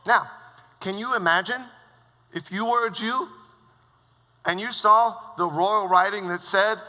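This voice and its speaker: A man preaching a sermon as worship leader, telling the story in a lively, joking way. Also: high-pitched, measured pace, long pauses. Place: church sanctuary. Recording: long church hall reverb.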